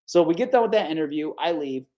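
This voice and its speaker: This upstate New Yorker from the Capital Region, a man in his forties who works in sports broadcasting, is trading stories on a podcast in a relaxed interview. He speaks quickly in a fairly high voice, gets animated, and performs quoted voices while frequently saying "dude" and "right?"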